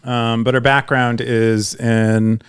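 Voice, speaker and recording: A young man co-hosts a podcast, speaking slowly in a medium-pitched, level, clean voice. His casual chat drifts around, with frequent restarts and fillers.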